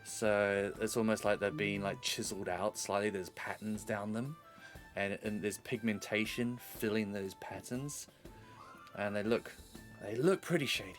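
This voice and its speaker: A man's voice: on the low side, fairly even intonation, a little slow, soft background music. A man narrating as game master of a tabletop game, rambling through his descriptions. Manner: rambling, with many fillers and restarts.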